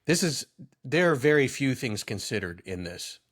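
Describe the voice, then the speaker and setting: A man's voice: medium pitch, big pitch swings, normal speed, a bit bright. A young man co-hosting a podcast in casual comedic chat, teasing his friend and rambling into jokey asides. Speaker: podcast co-host.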